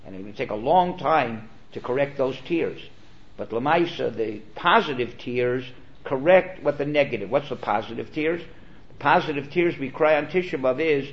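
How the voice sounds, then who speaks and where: Man, rabbi giving a Torah class; earnest, explanatory, mid-pitched voice, muffled lo-fi audio. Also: lively intonation, normal speed. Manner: earnest, explanatory, with Hebrew terms. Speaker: rabbi teaching. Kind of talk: Torah lecture. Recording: dull, lo-fi recording.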